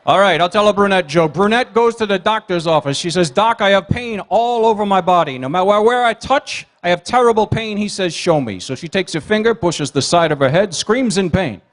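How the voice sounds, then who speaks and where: A high-voiced man does a stand-up routine as the evening's emcee. He tells quick one-liners and teases people in the audience, and his voice carries through a banquet hall. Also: animated. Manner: rapid one-liners with teasing crowd work. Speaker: comedian and emcee at a gala dinner.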